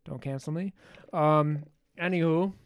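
A man's voice: a little high, a little slow. A man hosting a podcast, casually recapping a movie in a loose, profane way with joking asides. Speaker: podcast host.

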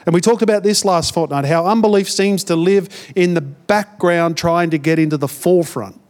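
A man's voice: high voice, normal speed, darkish tone. A man with an Australian accent, a pastor giving a conversational sermon, often repeating words as he builds a point.

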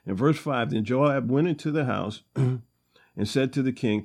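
A man hosting a Bible study podcast, reading scripture aloud and then commenting on it in a relaxed, conversational way with frequent fillers. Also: mid-range voice, measured pace.

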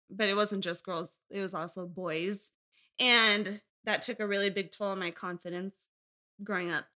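A woman's voice: medium pitch, bright, forceful tone. A young woman guest on a casual podcast interview, telling her story candidly in a rambling way and laughing often.

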